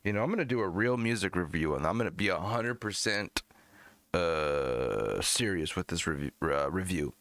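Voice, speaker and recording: Beer in hand, an American streamer reviews music live and mocks a rapper, swearing and jumping into squeaky, high-pitched bursts. He speaks at normal speed in an expressive, slightly bright voice, with a bit of background noise.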